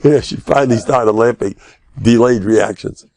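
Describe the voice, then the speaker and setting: An older man, a rabbi giving a humorous Torah lecture, joking and self-deprecating, now and then bursting into loud, emphatic cries. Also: medium pitch, normal speed, gravelly, no room sound.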